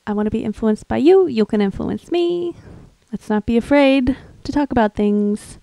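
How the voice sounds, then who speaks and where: A woman's voice: on the high side, normal speed, vocal fry, no echo, poor audio. Chatty woman livestream musician, dry mic. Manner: chatty, rambling, soft and laughing. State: tired voice. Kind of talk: casual chat between songs.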